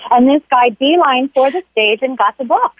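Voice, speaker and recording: A woman's voice: high-pitched, animated, moderate pace, no echo. A woman guest on an interview show telling a story in an earnest, motivational way. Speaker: guest, health coach. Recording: tinny dry phone line.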